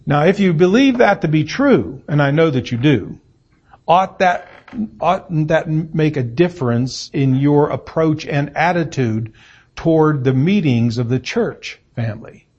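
A middle-aged man preaching an evening sermon in a church room, reading scripture and stressing words deliberately with fillers and pauses. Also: fairly high pitch, lively intonation, darkish tone, husky. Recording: muffled lo-fi sermon recording.

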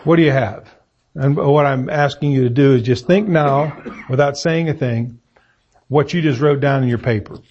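Emphatic husky preacher, muffled lo-fi recording. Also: male voice, mid-range voice, a little mellow. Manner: deliberate, emphatic preaching with pauses and fillers. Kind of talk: sermon with scripture reading. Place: church meeting room.

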